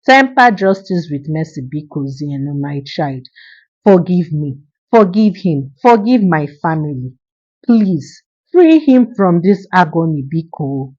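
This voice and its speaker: A woman's voice: lowish voice, big pitch swings, mellow, husky, highs cut off. A woman voicing an older mother who begs imploringly on behalf of her son. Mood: begging. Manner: imploring, slow.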